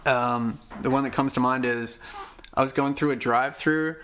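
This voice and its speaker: A man with a bright, forward voice tells a self-mocking story in a casual podcast chat. He laughs through his own lines and keeps the telling loose. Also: medium pitch, steady tone, normal speed, a little hiss or hum. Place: studio.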